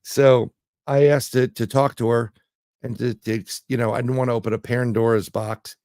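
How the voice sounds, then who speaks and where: A man's voice: medium pitch, level tone, normal speed, darkish tone, dry recording, studio quality. A man, a guest telling rambling anecdotes in casual conversation, full of fillers and restarts. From New York City. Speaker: guest, remote viewer. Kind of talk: casual interview storytelling.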